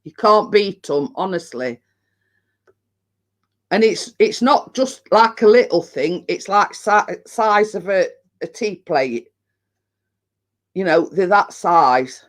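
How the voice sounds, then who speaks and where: A Yorkshire woman talks slowly and unhurriedly as she chats to her viewers on a live stream. Her talk is rambling and homely, broken up by easy laughs as she reads out comments. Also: medium pitch, lively intonation. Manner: chatty, rambling, laughs often. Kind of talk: casual chat reading viewer comments.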